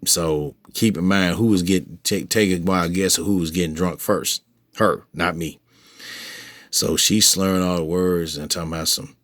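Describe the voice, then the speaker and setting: Deep-voiced and speaking at normal speed, this man tells his viewers a personal story with no room sound. It's a profane, animated retelling full of restarts, fillers and heated quoted outbursts, his voice leaping when he reenacts his angry replies.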